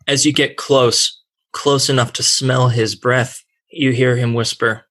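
A man running a tabletop game as game master, narrating the scene in a deliberate, descriptive way. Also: medium pitch, steady tone, a bit bright.

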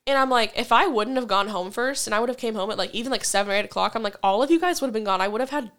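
A woman in her twenties, a podcast co-host, telling a story in a casual chat, swearing freely and laughing as she goes. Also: on the high side. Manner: profane, animated storytelling with quick laughs.

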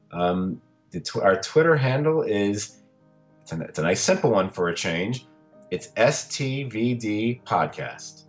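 Podcast host, male, deep and unhurried, loose and rambling, slightly muffled recording. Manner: rambling, laid-back, with restarts. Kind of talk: casual podcast chat.

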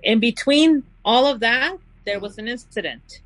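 A woman's voice: fairly high pitch, lively intonation, fairly bright tone, no echo, rough recording. Dry-voiced woman telling a true crime story. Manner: reads quotes slowly and deliberately. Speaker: true crime podcast host.

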